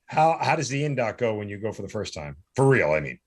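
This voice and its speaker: Quick-talking male podcast host. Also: fairly low pitch, sing-song. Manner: curious, quick follow-ups. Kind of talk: interview questions.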